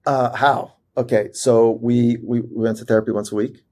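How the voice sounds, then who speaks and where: A man, a performance psychologist, telling a personal story as a podcast guest in an animated way, with fillers and restarts. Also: medium pitch, normal speed. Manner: animated storyteller who acts out quoted voices, many fillers and restarts.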